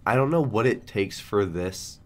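A man's voice: on the low side, expressive, measured pace, a little mellow, faint music behind. A young man who is sick and coughing, chatting casually and rambling as he streams a slot game. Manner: rambling, self-deprecating, lots of restarts. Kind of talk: casual gambling stream commentary.

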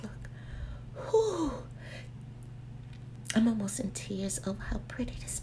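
Lively woman reviewer who drifts into whispers. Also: mid-range voice, slow pace, gravelly, pauses often, slight background noise. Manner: chatty and playful, often dropping to a whisper. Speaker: candle reviewer vlogger. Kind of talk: casual chat.

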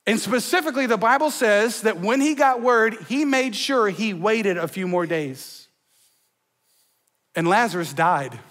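High-voiced energetic pastor, jokey preaching in a church, with a long hall echo. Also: male voice. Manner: energetic and joking, talks to the crowd in slang. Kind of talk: sermon. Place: church sanctuary.

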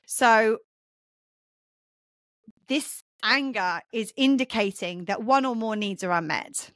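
A woman's voice: fairly high pitch, slow pace, a bit bright, dry recording. A woman hosting a podcast, explaining earnestly in a casual conversational way, with frequent fillers and restarts. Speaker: podcast host and mentor.

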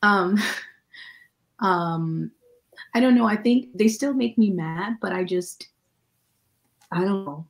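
A woman's voice: mid-range voice, slow, gravelly, pauses often, poor audio. A woman hosting a casual online book club, speaking candidly, wandering through her thoughts and laughing at herself. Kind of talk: casual video call book discussion.

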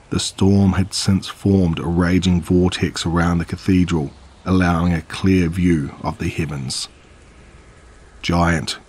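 A man narrating a horror story in a measured, dramatic way. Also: low voice, darkish tone, husky.

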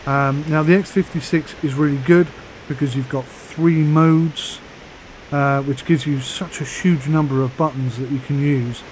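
A man chatting casually on a flight sim vlog, rambling with fillers and pausing through the hiccups. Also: a little high, fairly even intonation, a little hiss or hum, low-quality recording. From United Kingdom.

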